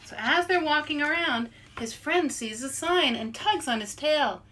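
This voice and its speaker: A woman author leads a children's story time with a bright, fairly high voice. She takes her time, playful and animated, pausing to coax her young listeners into joining the fun. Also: a little hiss or hum. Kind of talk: interactive read-aloud for children.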